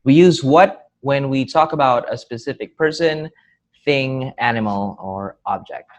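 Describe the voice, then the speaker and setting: Speaking a little slowly in a mid-range voice, this man gives an English grammar lesson with clarity and patience. When he acts out sample questions, his intonation rises and falls noticeably.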